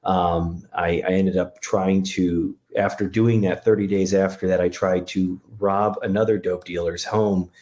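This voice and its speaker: A man from Connecticut talking candidly as an interview guest, halting with many restarts. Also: sits low, fairly even intonation, darkish tone. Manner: halting, lots of restarts and fillers. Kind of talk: candid personal conversation.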